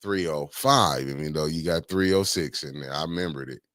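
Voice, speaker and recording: A man's voice: a bass voice, normal speed, a bit bright, no room sound, clean studio sound. A man hosting a casual morning livestream, greeting viewers one by one in a laid-back, slangy way and repeating his catchphrases. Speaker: livestream morning show host.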